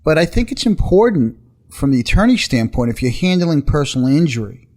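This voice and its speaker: Brisk New man hosting talk radio. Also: fairly high pitch, lively intonation, darkish tone. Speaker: radio show host, personal injury attorney. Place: radio studio.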